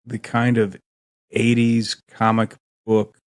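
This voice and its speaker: A man's voice: medium pitch, monotone, takes it slowly. A man chatting on a podcast, blunt and repetitive, swearing casually.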